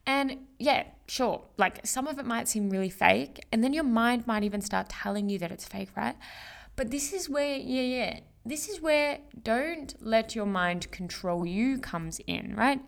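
A woman's voice: fairly high pitch, expressive, a little slow, vocal fry. A young woman hosting a casual solo podcast, chatty and full of slang, fillers and swearing. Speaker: podcast host. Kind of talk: casual motivational monologue.

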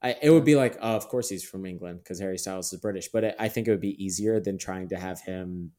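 A man's voice: low voice, fast talker, dark tone. A man co-hosting a podcast, musing and hedging in casual chat about movies. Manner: musing, hedging, with frequent fillers. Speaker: podcast co-host.

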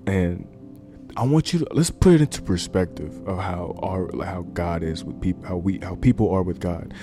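A man's voice: sits low, moderate pace, over music. A man preaching an informal sermon into a microphone, earnest and conversational, repeating key lines and using fillers. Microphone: desk microphone.

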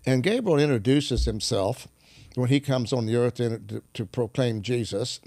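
A man who is a minister, telling stories in an animated, preaching style, often clearing his throat. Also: mid-range voice, moderate pace, no echo, studio quality. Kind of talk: storytelling preaching conversation.

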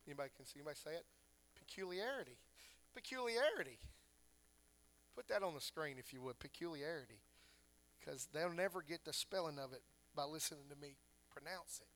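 Male pastor, high bright voice, preaching with emphatic rhetorical questions. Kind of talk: sermon.

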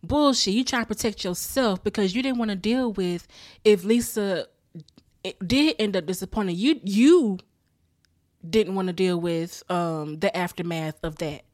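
A woman's voice: mid-range voice, a little slow, darkish tone, dry recording. Woman ranting with profanity, dry sound. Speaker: TV episode reviewer. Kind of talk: casual reaction recap.

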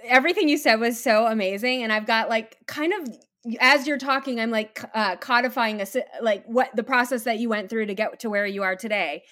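Woman podcast host, slightly high voice, enthusiastic and reflective, summarizing her guest. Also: fairly quick, sharp tone.

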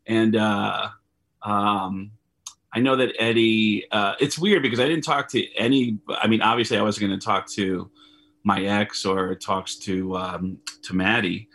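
A man's voice: lowish voice, fairly even intonation, a little slow, a bit bright. A man, a comedian guest on a video call, telling rambling anecdotes and acting out the voices of people he quotes. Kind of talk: casual storytelling.

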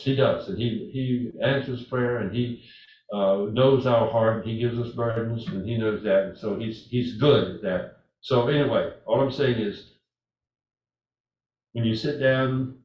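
An older man preaching a sermon, speaking earnestly and repeating himself, with lively storytelling. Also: medium pitch, measured pace. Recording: echoey hall from far off, dull.

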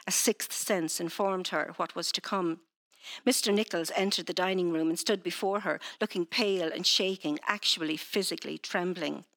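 A woman's voice: on the low side, moderate pace. Hesitant woman author, then reading her novel. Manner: hesitant, many fillers in chat; steady when reading.

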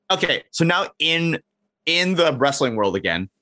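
A man in casual chat, pitching comedy scenarios and acting out bits of dialogue. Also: very animated, slow, pushed and bright, no echo, clean studio sound.

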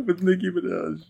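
A man joking around with friends in crude, bossy banter. His voice sits a bit high with a gravelly edge. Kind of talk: casual banter.

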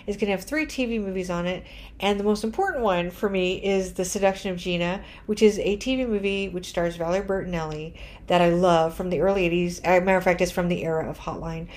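A woman's voice: lowish voice, fast talker, darkish tone. Tired, rambling woman podcast host. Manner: rambling, self-deprecating, laughing often. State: tired, punch-drunk. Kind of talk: casual podcast chat.

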